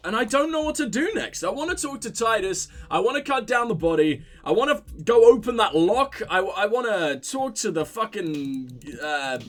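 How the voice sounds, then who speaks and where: A man hosting a let's play of a detective game, talking excitably and swearing often between reading lines. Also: sits high, moderate pace, few pauses. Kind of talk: gameplay commentary.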